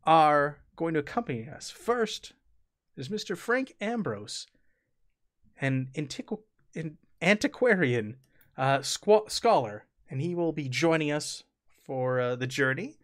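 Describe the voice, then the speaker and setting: A man voicing a poised woman expedition leader who makes formal introductions in a measured way. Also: on the high side, expressive.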